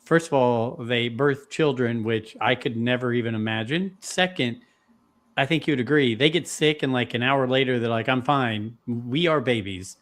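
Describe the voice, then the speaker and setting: Podcast host, male, upbeat and welcoming, mid-pitched conversational read. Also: normal speed, a bit bright. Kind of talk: casual chat.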